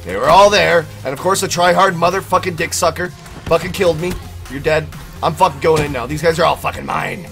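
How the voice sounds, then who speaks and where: A young man giving profane, excitable live commentary on his own gameplay, with sudden yelled outbursts. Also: a little high, brisk, gravelly, faint music behind. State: out of breath. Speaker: gaming channel host.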